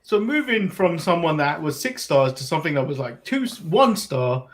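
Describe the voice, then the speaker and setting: A playful man with a high voice co-hosting a casual wrestling show. He rambles and trips over repeated words as he talks. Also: very animated, moderate pace. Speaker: podcast co-host. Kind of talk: casual wrestling recap chat.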